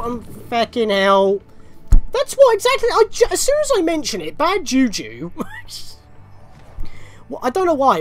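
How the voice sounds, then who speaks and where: A young man giving rambling, chatty commentary over a video game walkthrough, often correcting himself mid-sentence. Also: fairly high pitch. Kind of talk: casual gameplay commentary. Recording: game music faintly behind.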